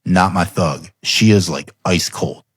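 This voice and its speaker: A man with a low, slightly rough voice speaks a little slowly, recorded with no echo. He hosts a podcast and tells family stories in a casual conversation, laughing often and growing more animated as he goes.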